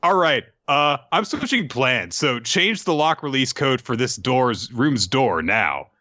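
A man's voice: medium pitch, animated, measured pace, pushed and bright, no echo. Laid-back ninja strategist , as a man reads him. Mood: casual. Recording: dull lo-fi dry sound.

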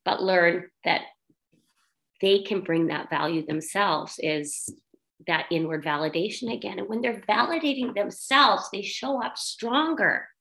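A woman's voice: fairly low pitch, a little slow, fairly bright tone, poor audio. A woman guest in a casual podcast interview, talking earnestly and telling a heartfelt story about her daughter.

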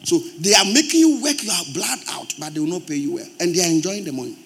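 A Ghanaian-accented male pastor delivers a sermon in church with a notably high voice. He preaches emphatically, pressing his points and swelling into loud, forceful bursts. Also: animated, quick pace, vocal fry, slight background noise. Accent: Ghanaian English.

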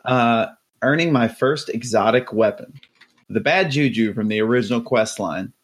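A chatty fan reading his own letter in a thick, salty Boston Southie accent, as a podcast host puts him on. The voice sits at an ordinary middle pitch and runs along at an easy reading pace. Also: normal speed, slightly rough, lightly acted. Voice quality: exaggerated salty Southie drawl. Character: listener writing in, read aloud, adult man. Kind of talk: reading a listener letter aloud.

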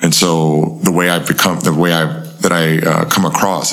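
A man as an interview guest, telling a tense life story in a casual, animated way and acting out the voices of people he quotes. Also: normal speed. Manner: animated storyteller, acts out quoted voices in a higher pitch, swears freely.

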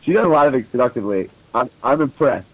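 A man's voice: medium pitch, lively intonation, fast talker, lo-fi sound. A man guesting on a podcast, reading a text aloud and adding wry comic asides. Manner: dry, wry asides between bursts of reading. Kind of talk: comedic dramatic reading.

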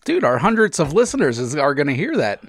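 A man's voice: a little high, very animated, fast, no room sound. A man hosting a podcast in crude, casual banter, rambling with many restarts and lots of swearing. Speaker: podcast host.

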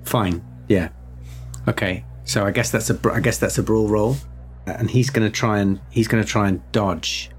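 A man running a tabletop horror game as game master, narrating in a halting way with frequent restarts. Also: lowish voice, steady tone, soft background music.

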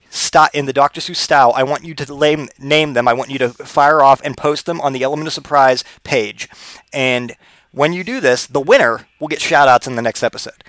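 A man's voice: on the high side, brisk, a bit bright, dry recording. A man hosting a comedy podcast, delivering a rambling, profane, digressive monologue. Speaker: podcast host.

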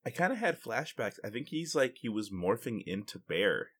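A man co-hosting a gaming podcast, telling stories in an animated, jokey way. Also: lowish voice, moderate pace, husky. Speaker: podcast co-host. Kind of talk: casual chat.

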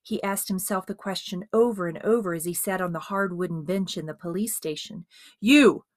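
A woman narrating a dramatized biography as an audiobook, with expressive storytelling. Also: on the low side, fairly quick, no room sound, clean studio sound.

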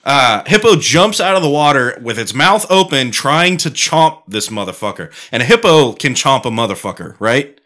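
A man's voice: medium pitch, sing-song, normal speed, sharp tone. A man co-hosting a podcast, telling rambling, profane stories in casual chat. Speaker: podcast co-host.

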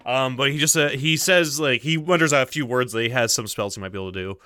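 A man's voice: medium pitch, quick pace, pushed and bright, no room sound, studio quality. A man running a tabletop role-playing game as game master, describing the scene and rules with many fillers and asides to himself. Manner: many fillers, mutters to himself while setting things up.

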